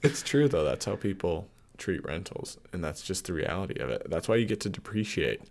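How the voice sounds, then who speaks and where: A podcast host, his voice low and gravelly yet lively in pitch. He chats casually with a guest, teasing and laughing often. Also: brisk.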